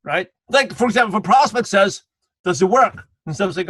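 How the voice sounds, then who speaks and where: A man's voice: sits high, expressive, brisk, a bit bright, breathy edge, no echo, poor audio. A man giving a motivational sales training on a live video call, calling out viewers by name and repeating punchy slogans. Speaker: guest trainer.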